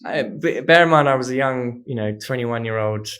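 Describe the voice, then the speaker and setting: A man, a podcast guest telling stories in a casual, animated way. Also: medium pitch, moderate pace. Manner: animated, acts out voices in anecdotes. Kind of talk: casual storytelling chat.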